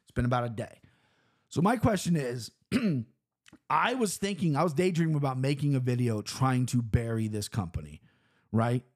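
A young man hosting a casual podcast monologue, brash and profane, swinging between loud outbursts and low mumbled asides. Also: expressive, normal speed. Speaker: podcast host.

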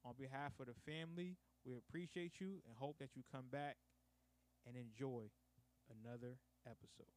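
A man's voice: medium pitch, normal speed. A man hosting a casual sports podcast, upbeat and promotional, with slangy everyday talk. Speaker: podcast host; radio host.

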